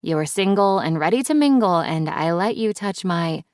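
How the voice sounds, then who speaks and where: A woman's voice: fairly low pitch, expressive, normal speed, a little mellow, no echo, studio quality. A woman narrating a first-person romance audiobook in a wry, playful, intimate way.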